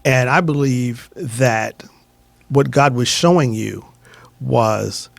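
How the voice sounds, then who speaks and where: A man's voice: mid-range voice, takes it slowly, creaky, dry recording. A male radio host encouraging his guest with faith-filled talk about her gift. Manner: preachy, encouraging, speaks of God and gifts. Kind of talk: radio talk show chat.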